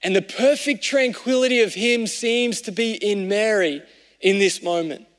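High-voiced male pastor in a reverberant hall. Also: measured pace. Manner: conversational, shifting between raised emphasis and hushed reflection. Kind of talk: sermon.

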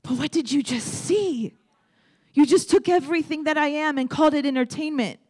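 Jesus with a raised, lifted voice, pointed questions, gentle rebuke, put on by a woman preacher, sermon storytelling. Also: high voice, normal speed, voice pushed up, lightly acted. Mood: reproachful.

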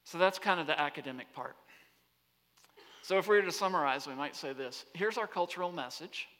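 A man giving an animated talk to students on a campus, often asking the audience rhetorical questions. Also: on the high side, brisk. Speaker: speaker. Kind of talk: lecture-style talk to students. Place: large hall on a college campus. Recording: long hall reverb.

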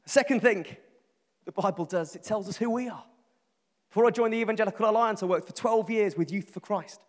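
A man's voice: high voice, brisk. A middle-aged man preaching a sermon, earnest and emphatic, building lists and repeating phrases. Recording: long reverb from a large hall.

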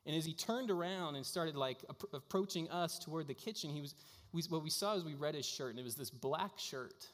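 Chatty pastor in a reverberant hall. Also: male voice, fairly high pitch, a little fast, fairly bright tone. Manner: casual storytelling with frequent fillers. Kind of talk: sermon.

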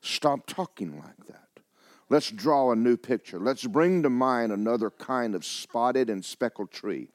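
A man's voice: mid-range voice, unhurried, few pauses, no echo. A man preaching a sermon as pastor, mixing joking asides with fervent calls.

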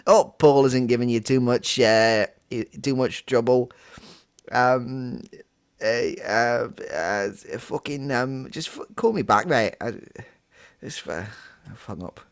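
A man's voice: mid-range voice, takes it slowly, smooth. A man hosting an improvised comedy show, stammering and blustering as he talks. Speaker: comedy podcast host.

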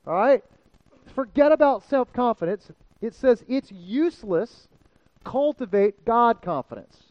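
A man's voice: very high-pitched, a little slow, dry recording, dull audio. A man preaching a sermon and calling out to his congregation for responses. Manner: energetic, calls out to the congregation. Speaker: pastor.

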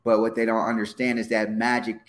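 A middle-aged man with a slightly low voice talks through his life on a podcast. He is reflective and unhurried, often pausing to think. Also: little pitch movement. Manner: reflective, lots of fillers and restarts. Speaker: podcast guest, former NFL player. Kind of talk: casual podcast conversation.

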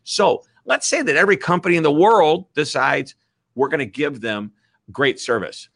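A middle-aged man with a Midwestern American accent, an author speaking as an interview guest over a video call, talking with lively enthusiasm. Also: a little high, moderate pace, creaky, no room sound. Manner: enthusiastic, animated. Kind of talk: energetic interview talk.

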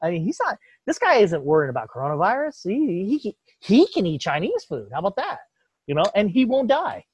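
Profane, animated male ranter. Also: high voice, brisk, breathy edge, dry recording. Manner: profane, animated ranting with mock voices. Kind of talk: casual political chat. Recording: dull lo-fi dry sound.

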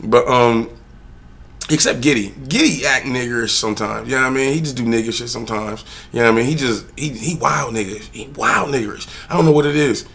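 A man's voice: mid-range voice, a little fast, vocal fry. A man telling a rambling, profane story straight to the camera, drifting into a heated rant. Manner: swears freely, digresses, rants loudly at times. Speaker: father talking to camera.

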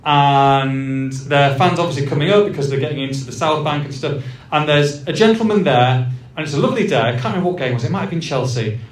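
A man's voice: on the high side, fast, few pauses, far from the mic. A man, co-hosting a live podcast and telling a self-mocking story in a function suite. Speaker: podcast co-host. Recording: roomy live sound from off-mic.

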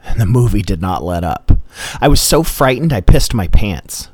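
A man's voice: fairly low pitch, very animated, normal speed, darkish tone, slightly rough, dry recording. A man telling a comedic personal story in a dry, matter-of-fact way. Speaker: storyteller host.

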